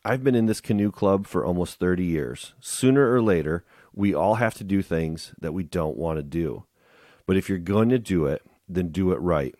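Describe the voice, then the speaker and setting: A man reading aloud the lines of a blunt, fatherly veteran navy master chief in a plain-spoken, steady way. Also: low voice, moderate pace, no room sound, studio quality.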